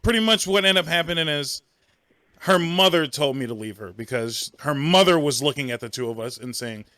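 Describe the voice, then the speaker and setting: A man co-hosting a podcast, talking in a relaxed, casual way and laughing between remarks. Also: a little high, fairly quick, dry recording, clean studio sound. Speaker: podcast co-host.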